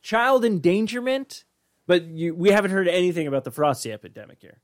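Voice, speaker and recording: A man's voice: high voice, brisk. A man chatting casually on a podcast, rambling and swearing as he gets worked up. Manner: rambling, profane, excitable.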